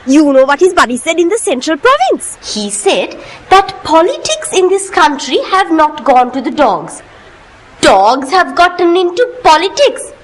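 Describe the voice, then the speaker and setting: A woman's voice: very high voice, very animated, moderate pace. A woman with a Sri Lankan English accent in scripted comic banter, teasing and wry. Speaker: comedy sketch co-host.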